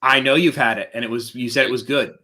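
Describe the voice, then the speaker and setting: Jokey dad type chatting on a live show, bright forward voice, riffs on rhymes. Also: male voice, medium pitch, quick pace. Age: adult parent. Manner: playful, jokey, riffs on rhymes while describing food. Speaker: co-host of a Disney talk show. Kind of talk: casual live-stream chat.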